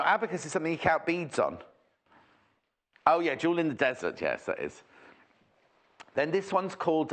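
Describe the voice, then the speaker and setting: A man's voice: on the high side, fairly bright tone. A man presenting a TV shopping show in a chatty, rambling, jokey way, full of asides. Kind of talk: chatty live sales presentation.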